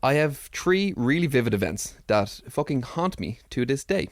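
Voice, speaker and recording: A man's voice: mid-range voice, sing-song, moderate pace. A man co-hosting a podcast, chatting casually with many fillers and reading out a listener's letter. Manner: chatty, lots of fillers and laughs. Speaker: podcast co-host.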